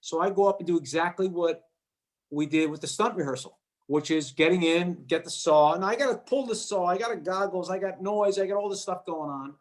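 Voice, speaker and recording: A male actor guest telling a lively anecdote, acting out the voices of the people in it and often repeating his words. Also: high-pitched, a little fast. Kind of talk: animated storytelling.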